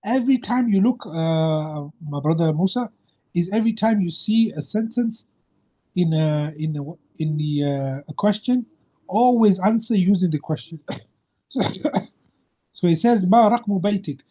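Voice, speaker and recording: Higher-voiced man teaching Arabic grammar online. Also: moderate pace. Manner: patient, quizzing the student often. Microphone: video call. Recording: muffled video-call audio.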